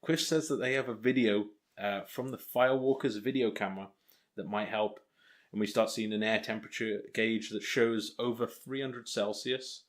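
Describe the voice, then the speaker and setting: A man's voice: on the low side, steady tone, moderate pace. A young man co-hosting a podcast, recapping an episode in a rambling, joking way with lots of ums. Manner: rambling recap with self-mocking jokes and frequent ums. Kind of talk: casual podcast chat.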